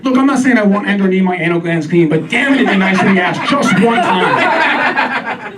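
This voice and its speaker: A man doing a stand-up comedy set on a club stage, wry with deadpan asides. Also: high-pitched, normal speed, very noisy. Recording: distant mic, live crowd laughter.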